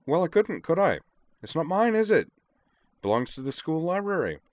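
A man's voice: big pitch swings, moderate pace, no room sound. A man putting on Devlin, a chipper fussy chatterbox. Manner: chipper, clipped, rising pitch.

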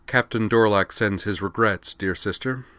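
A man voicing a dangerous, mocking princess with a low, throaty voice in a sci-fi audiobook. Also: normal speed, bright, forceful tone, no room sound. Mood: menacing.

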